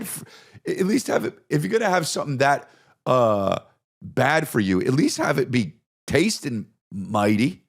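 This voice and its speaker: Gravelly, profane comedian man. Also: medium pitch, a little slow. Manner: crude, profane, animated riffing. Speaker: podcast host. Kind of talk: comedic storytelling monologue.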